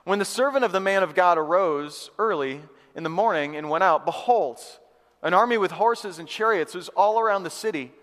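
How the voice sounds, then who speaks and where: A man's voice: high-pitched, moderate pace, a bit bright, in a large hall. A man preaching a sermon as pastor, reading scripture and then talking earnestly and conversationally with his congregation, calling for their responses. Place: church sanctuary.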